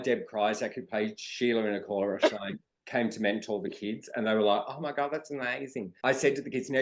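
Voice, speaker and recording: A man's voice: lowish voice, rough recording. A middle-aged man from Australia, a drag performer and dance teacher, telling stories as a podcast guest and acting out his students' lines. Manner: storytelling, acts out quotes from students. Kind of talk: candid interview conversation.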